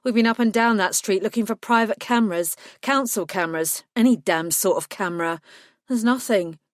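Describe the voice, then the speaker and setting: A woman reading a brisk police colleague. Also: mid-range voice, no room sound, clean studio sound, close to an everyday voice. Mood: frustrated.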